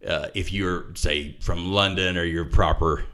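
A man talking through a scripture passage in casual chat, animated and laughing as he explains. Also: sits low, a little slow. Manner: animated, acts out quoted voices, laughs often.

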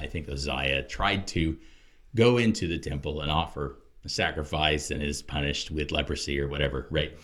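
Deep-voiced man explaining scripture. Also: a bit bright. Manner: explanatory, rising to emphatic preaching on key points. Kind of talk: casual Bible discussion.

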